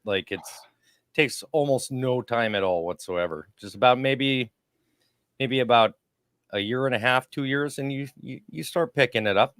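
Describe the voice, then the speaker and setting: A man's voice: medium pitch, normal speed, fairly bright tone, no echo, studio quality. A man in his forties co-hosting a casual podcast, telling stories chattily and often repeating himself. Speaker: podcast co-host.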